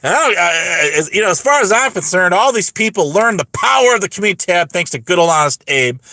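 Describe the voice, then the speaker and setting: A man's voice: high voice, animated, brisk, hardly any pauses, pushed and bright, dry recording, studio quality. Sarcastic man ranting to his live chat. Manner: sarcastic, mocking, talks straight to chat; rambling with frequent restarts and stumbles. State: voice getting dry. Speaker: livestream host. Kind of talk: casual livestream rant to chat.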